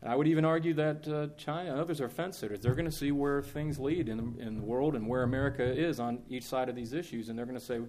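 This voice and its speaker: A man telling an anecdote to a live audience in a conversational, animated way, acting out the quotes. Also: mid-range voice, fast talker, hardly any pauses, slight background noise. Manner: animated, conversational, with frequent restarts and acted-out quotes. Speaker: speaker recounting diplomatic experiences.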